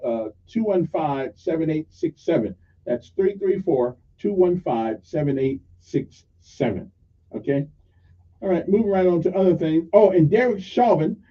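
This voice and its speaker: A man hosting call-in talk radio in a rambling, folksy storytelling manner, on a dull lo-fi radio recording. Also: fairly high pitch. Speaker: radio talk show host.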